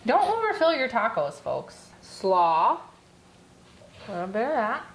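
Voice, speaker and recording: A woman walks viewers through an easy recipe in a relaxed, chatty way. Her slightly high voice rises and falls a lot as she explains. The room is echoey, with clear background noise. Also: measured pace. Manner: chatty, instructive, giggly. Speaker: cooking show host. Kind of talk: casual cooking demonstration.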